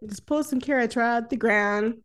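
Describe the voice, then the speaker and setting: A woman's voice: fairly high pitch, a little fast. A woman in casual chat retelling an old film scene by scene, often laughing and acting out the characters' lines. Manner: animated, laughs often, acts out lines with voices. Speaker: podcast co-host.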